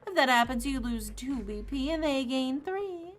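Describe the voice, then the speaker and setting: A woman's voice: high voice, expressive, moderate pace. A woman voicing a mischievous male AI rabbit game master in a put-on Southern drawl, reading a visual novel aloud on stream with a taunting, singsong manner.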